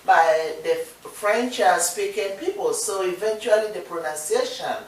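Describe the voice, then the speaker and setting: A woman's voice: mid-range voice, a little slow. A woman from Nigeria with a Nigerian accent, co-hosting a casual talk show, speaking earnestly and encouragingly, repeating her points for emphasis. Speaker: co-host. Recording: distant, echoey room sound.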